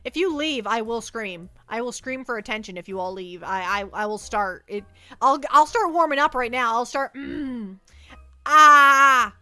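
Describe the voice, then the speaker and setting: A woman's voice: fairly high pitch, expressive, normal speed, bright, forceful tone, faint music behind. A woman livestreaming from her desk at home, chatting playfully and rambling as she reads chat messages aloud.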